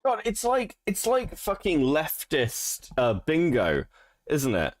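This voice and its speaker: A man's voice: on the high side, huge pitch swings, slow pace. A man co-hosting a casual reaction podcast, laughing often, swearing freely and mocking what he watches. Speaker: podcast co-host.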